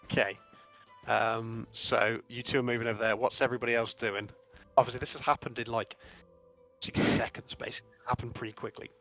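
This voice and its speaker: A man's voice: medium pitch, flat delivery, brisk, a bit bright. A man narrating a tabletop game as game master, rambling with many restarts. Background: faint music.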